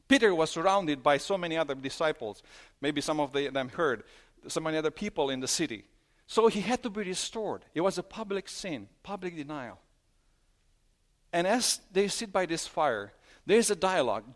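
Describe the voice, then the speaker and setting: A man preaching a sermon, retelling a story with animated storytelling and acted-out dialogue. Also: a little high. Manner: animated storytelling, acting out dialogue with big swings in loudness. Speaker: pastor.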